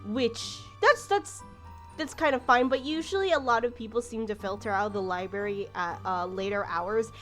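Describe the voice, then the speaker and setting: A woman's voice: fairly high pitch, moderate pace, fairly bright tone, soft background music. A woman narrating a tabletop game as game master, casual and rambling. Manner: casual, many fillers and restarts.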